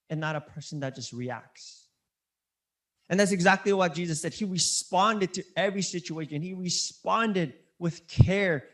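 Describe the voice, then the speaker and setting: This high-pitched, somewhat bright male voice belongs to a pastor giving a sermon. He talks in an earnest, conversational way with many restarts, leaning on repeated key words for emphasis.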